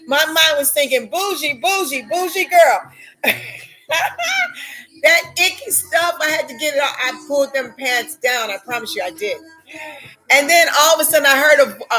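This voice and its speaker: A high-pitched American woman tells her viewers a story, dramatic and quick to laugh. Her voice is bright and sharp, and she acts out her own shouts along the way. Faint music plays underneath. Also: rough recording. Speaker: vlogger telling a travel story.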